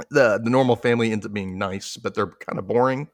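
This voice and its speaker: A man's voice: lowish voice, no echo. A young man hosting a podcast, recapping a show in casual chat and acting out scenes. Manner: animated, acts out scenes in silly voices. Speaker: podcast host.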